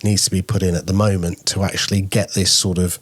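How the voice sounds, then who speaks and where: A man's voice: low-pitched, flat delivery, quick pace, slightly rough. A man co-hosting a podcast news show, chatting casually and tossing in playful asides. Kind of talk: casual chat.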